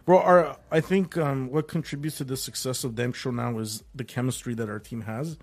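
A man's voice: mid-range voice, normal speed. A young man, a comedian guest, telling a story in casual chat, filling his talk with "bro" and "like". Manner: animated, says "bro" and "like" constantly.

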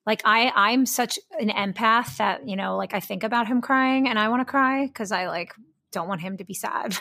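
Woman podcast co-host, casual chat, slightly gravelly voice, dry close sound. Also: medium pitch, moderate pace, no echo. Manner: chatty, warm-hearted, rambling with fillers.

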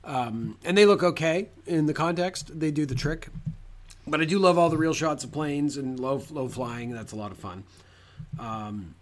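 A man's voice: fairly high pitch, normal speed. Chatty man, swearing casually. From Canada. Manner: chatty, swears freely, goes on tangents. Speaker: podcast co-host. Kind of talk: casual film discussion.

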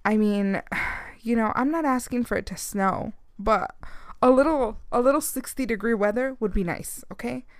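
A woman in her thirties hosting a podcast from home, chatting in a lively, animated way and dropping in Spanish phrases. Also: on the high side, normal speed, dry recording, studio quality. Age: 30s. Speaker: podcast host. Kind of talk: casual chat.

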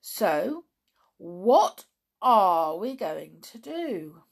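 A woman voicing an eager young male brownie in a children's story, talking brightly and excitedly. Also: mid-range voice, very slow, vocal fry, breathy edge, heavily acted. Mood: earnest.

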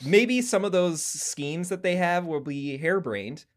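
A podcast co-host in casual chat, pitching ideas with mock-grandiose flair between easy banter. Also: unhurried. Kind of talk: casual chat about a video game.

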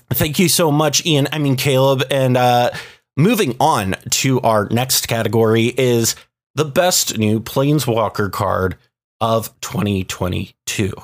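A man hosting a card-game awards show, introducing presenters with halting, self-mocking asides. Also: medium pitch. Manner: hesitant filler-heavy asides.

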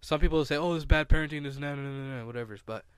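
A man's voice: fairly high pitch, very fast, clear, resonant tone, no room sound. A young man co-hosting a podcast in casual chat, rambling with lots of fillers and restarts. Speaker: podcast co-host.

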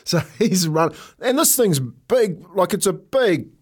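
A man's voice: high voice, slow. Laughing New Zealand man telling a story. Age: middle-aged. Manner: animated anecdotes, laughs often. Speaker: podcast co-host, former rugby league player. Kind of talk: casual storytelling chat.

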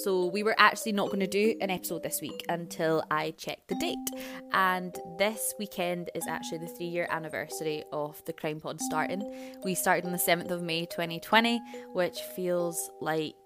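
A young woman hosting a podcast, telling a true-crime story in a casual, chatty way with asides and self-corrections. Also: on the low side. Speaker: podcast host.

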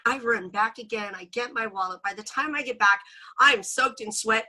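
A woman chatting as a podcast guest, her voice bright and clear. She tells her story in an animated way, laughing often and acting out what people said. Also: fairly high pitch, normal speed. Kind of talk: casual storytelling chat.

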